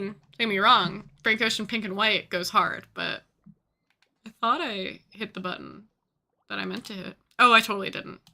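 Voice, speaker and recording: A woman's voice: a little high, pushed and bright. A young woman streaming a game, chatting casually and rambling with lots of fillers. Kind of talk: casual gaming stream chat.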